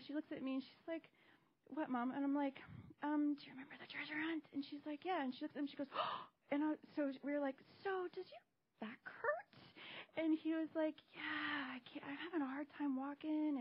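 High breathy woman telling a church story, lively, acts out the voices, kinda muffled recording. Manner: animated, acts out quoted voices. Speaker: church member sharing a testimony. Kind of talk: casual storytelling. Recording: dull lo-fi recording.

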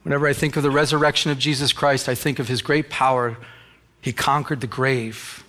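A man's voice: medium pitch, steady tone, a little fast, sharp tone. A man preaching a sermon as pastor in a church, emphatic and exhorting.

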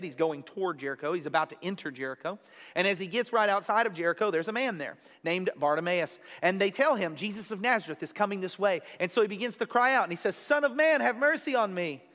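A man's voice: sits high, lively intonation, quick pace, a bit bright, long reverb tail. A man preaching an expository sermon in a conversational way, repeating key phrases for emphasis. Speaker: pastor.

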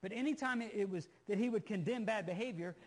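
High-voiced earnest male preacher. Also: quick pace. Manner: earnest, emphatic, repeats phrases when stressing a point; conversational asides to the listeners. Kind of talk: sermon, Bible teaching.

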